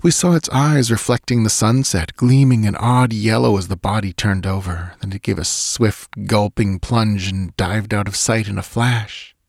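A man narrating a story in a measured, deliberate reading. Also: lowish voice, fairly even intonation, creaky, dry recording, studio quality. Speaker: audiobook narrator.

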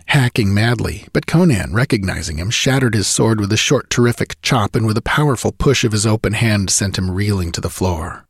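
Low-voiced man narrating an audiobook. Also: normal speed, few pauses, husky, no room sound, clean studio sound. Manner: vivid, driving storytelling.

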